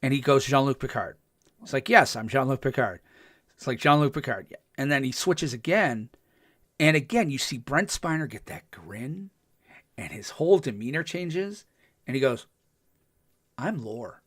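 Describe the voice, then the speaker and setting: A man hosting a podcast, recapping a TV episode in a casual, excited way, full of ums and restarts and acting out the characters' lines. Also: mid-range voice, normal speed, no echo, studio quality. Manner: chatty, with frequent ums and restarts. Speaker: podcast host.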